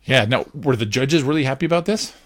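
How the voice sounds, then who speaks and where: A man hosting a podcast, animatedly retelling a cartoon episode to his child and laughing often. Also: mid-range voice. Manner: animated, laughs often, quick voice swings for quoted characters. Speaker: podcast host.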